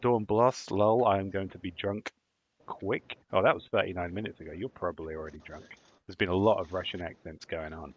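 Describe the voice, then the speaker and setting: Podcast host, man, low voice, dry teasing delivery, dull lo-fi recording. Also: steady tone, brisk. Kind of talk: casual podcast chat.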